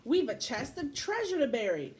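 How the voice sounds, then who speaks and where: A rowdy, boisterous pirate captain from a picture book, a woman acting him out roars his lines in a high, bright voice that leaps all over the place. He is loud and hearty, a jolly rogue who loves to shout at his crew. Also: very animated, normal speed. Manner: booming, hearty pirate talk.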